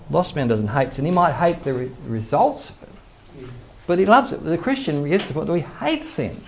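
A man's voice: a little high, big pitch swings, moderate pace, gravelly, slight background noise. An older man, a pastor earnestly teaching a sermon and quoting scripture. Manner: earnest preaching, quotes scripture, chuckles to himself.

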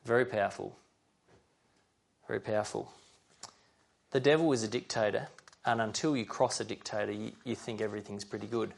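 A man's voice: lowish voice, fairly even intonation, quick pace, gravelly. A man preaching a sermon, reading scripture aloud and earnestly addressing his listeners directly.

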